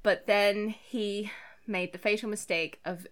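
A woman co-hosting a podcast, reviewing a film in casual chat, animated and quick with asides, swearing freely and mock-quoting the characters. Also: mid-range voice. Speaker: podcast co-host.

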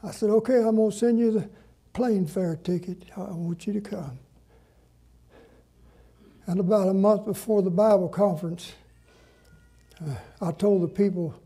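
An older man, a pastor telling stories in a sermon in a folksy, drawn-out way. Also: high-pitched, dark tone. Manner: folksy, drawn-out preaching with dramatic pauses. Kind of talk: sermon storytelling.

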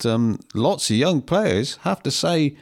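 A man co-hosting a casual football chat, recounting a match in a measured, plain way. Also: fairly high pitch, lively intonation, creaky. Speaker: co-host.

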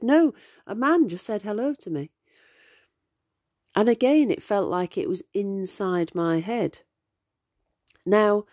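A woman's voice: sits low, mellow, dry recording, clean studio sound. A woman in her forties, a podcast host telling stories in a chatty, digressive way with many ums. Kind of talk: casual storytelling.

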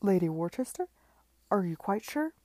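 A woman's voice: mid-range voice, fairly even intonation, brisk, creaky, mellow, no echo. A woman reading aloud, voicing an eager man who is flustered and keen to please. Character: anxious eager man, a fawning seaside promoter.

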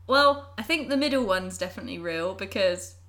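A woman's voice: medium pitch, expressive, moderate pace, bright, forceful tone. A woman co-hosting a casual chat, giggling often and poking fun at herself. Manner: giggly, self-deprecating. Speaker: podcast co-host guessing.

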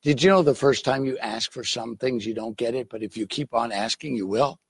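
A male pastor preaching a sermon, telling stories in an animated way and acting out the scenes, with a husky voice. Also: mid-range voice, brisk, no room sound. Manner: animated storytelling, acts out scenes.

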